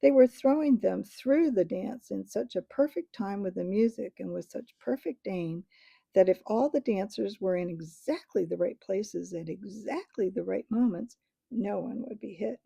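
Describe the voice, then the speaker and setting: A woman reading a storybook aloud in a gentle, measured way. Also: medium pitch, gravelly, slightly rough, no room sound. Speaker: audiobook reader.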